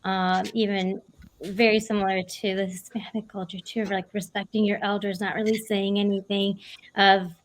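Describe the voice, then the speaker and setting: A woman's voice: mid-range voice, flat delivery, normal speed. Reflective woman in her thirties. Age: 30s. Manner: reflective, hedging with many "like"s. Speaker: panel guest with a doctorate. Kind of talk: casual livestream panel talk.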